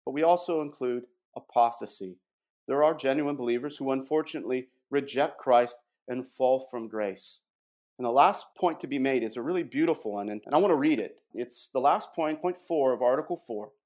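A man at a mid pitch, speaking in a measured, emphatic way as he lays out a point of doctrine. He slows down to stress key words and reads passages aloud. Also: darkish tone. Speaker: guest presenting doctrine. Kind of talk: explanatory theological talk with read quotations.

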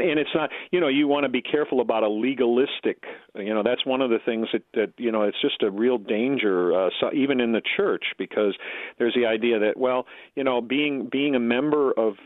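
A man's voice: mid-range voice, no echo. A man joining a radio talk show as a guest pastor, explaining with stumbles and repeated words. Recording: tinny phone line.

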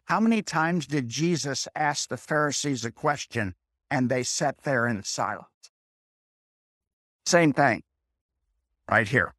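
Here a preacher speaks at medium pitch, animated and a bit bright, in a studio recording with no room sound. He reads scripture slowly and stops to put it into plain words, repeating his points and checking in with "okay?".

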